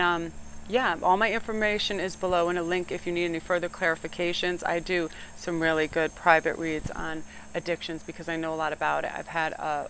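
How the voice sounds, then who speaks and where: New lady doing a chatty tarot read outside, animated and loud at times, faint outdoor hiss. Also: low-pitched. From New England. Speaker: tarot reader. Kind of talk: casual tarot reading chat.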